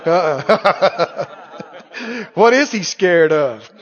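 A male pastor preaching an animated sermon, laughing often and drawing his words out. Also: a little high, extremely slow, dull audio.

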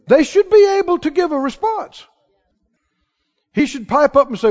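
High-voiced animated male preacher. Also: normal speed, pauses often. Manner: animated, acts out quoted voices, rises to shouts. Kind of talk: sermon. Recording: reverberant hall, dull lo-fi sound.

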